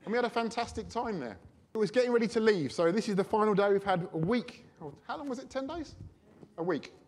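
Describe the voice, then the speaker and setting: A man preaching a sermon, telling a personal story in a chatty, animated way. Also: high-pitched, quick pace.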